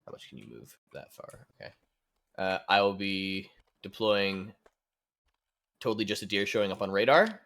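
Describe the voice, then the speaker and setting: A man's voice: low-pitched, big pitch swings, moderate pace, creaky, pauses often, fairly bright tone. A man playing a tabletop wargame as a guest, chatting casually, laughing often and swearing for comic effect.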